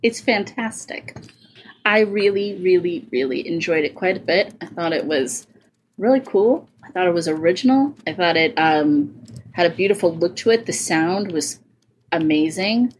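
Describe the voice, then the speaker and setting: A woman's voice: lowish voice, animated, normal speed, a little hiss or hum. A woman co-hosting a podcast, talking in an enthusiastic, gushing way. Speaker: podcast co-host. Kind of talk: casual chat.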